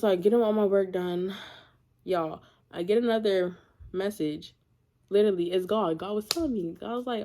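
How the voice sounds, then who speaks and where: A young woman in her teens talks straight to camera, telling a long story in a loose, chatty way. She slips quickly into quoted lines and asides, with a mid-pitched voice recorded close up. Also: a little mellow. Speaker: storytime vlogger. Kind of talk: casual storytelling.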